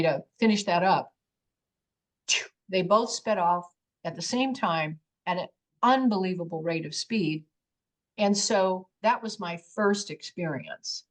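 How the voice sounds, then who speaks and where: Animated woman telling a personal story. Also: on the low side. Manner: animated storytelling, acts out her own past exclamations. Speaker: guest. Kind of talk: personal testimony in an interview.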